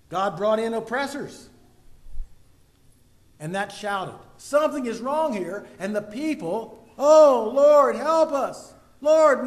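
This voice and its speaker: A man with a high voice preaching a sermon. He poses rhetorical questions to his listeners and punches key words with sudden loud bursts.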